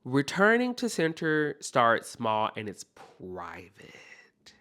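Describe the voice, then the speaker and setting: Emphatic motivational podcast host with a very lively, swooping delivery who keeps checking in with listeners. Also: medium pitch, takes it slowly. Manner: emphatic, repeats key points, checks in with listeners; loose, conversational delivery with self-corrections.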